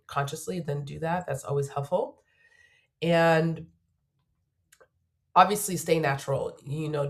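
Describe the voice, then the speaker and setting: A woman's voice: low-pitched, darkish tone. A woman job search coach getting over a cold, giving earnest, emphatic advice to camera in a video, repeating her key points.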